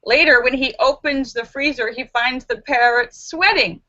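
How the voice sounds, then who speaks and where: A woman hosting a casual live stream and reading out viewer jokes in a giggly, animated way. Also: on the high side, moderate pace, hardly any pauses, highs cut off. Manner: giggly and animated, breaks into laughter.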